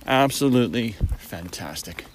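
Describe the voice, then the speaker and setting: A man's voice: medium pitch, animated, moderate pace, a little hiss or hum, low-quality recording. A middle-aged man hosting a casual solo podcast, chatty and full of wry asides and puns. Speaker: podcast host.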